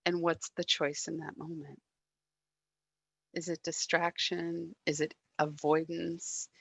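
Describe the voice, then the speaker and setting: A woman gives a sermon in a reflective, gentle way, with soft pauses and quiet moments. Her voice sits lowish and has a gravelly fry. The sound is dry and close. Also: flat delivery, dry recording. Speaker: guest speaker at a church service.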